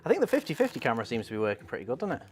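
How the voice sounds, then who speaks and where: A man's voice: mid-range voice, wildly swooping pitch, rapid-fire, soft background music. A man hosting a casual live stream, chatting in a rambling way and reading out viewer comments.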